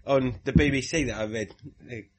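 A man's voice: medium pitch, normal speed. A man co-hosting a podcast, chatting casually with frequent laughs and hesitations. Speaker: podcast co-host. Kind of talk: casual chat.

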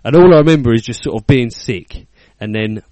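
This podcast co-host, a British man in his thirties, has a mid-range, dark-toned voice, talks briskly, and is recorded dry. Spinning a funny story with a British accent, he swears liberally, laughs, and performs the voices of the characters involved.

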